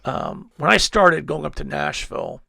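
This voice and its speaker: A man's voice: a little high, moderate pace, gravelly, bright, forceful tone, no echo, studio quality. A male pastor preaching a sermon at a church service, telling stories in a rambling way with many restarts.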